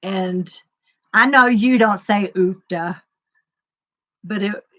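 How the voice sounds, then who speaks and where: A woman's voice: mid-range voice, takes it slowly, fairly bright tone. A woman chatting casually as a stream host, rambling and laughing often. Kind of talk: casual chat.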